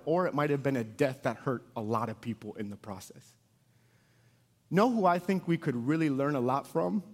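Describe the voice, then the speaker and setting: A man in his thirties preaching a sermon, telling stories with big loud bursts that drop to soft, low emphasis. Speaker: pastor.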